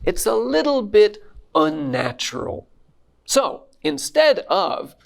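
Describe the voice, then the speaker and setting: A man's voice: very high-pitched, takes it slowly, creaky. A man giving a mock university lesson, acting out casual dialogues and having students repeat phrases. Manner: animated teacher, acts out sample dialogues, drills repetition. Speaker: university English lecturer. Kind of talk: mock lecture.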